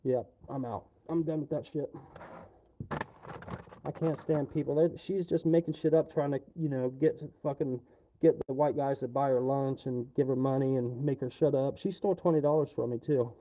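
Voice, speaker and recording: A man talks straight to his stream, venting in a loose, rambling rant full of swearing. His voice is deeply dark and mellow, at an ordinary pitch for a man. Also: fairly even intonation, moderate pace, a little hiss or hum. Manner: profane, rambling complaints. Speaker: livestreamer. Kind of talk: casual ranting monologue.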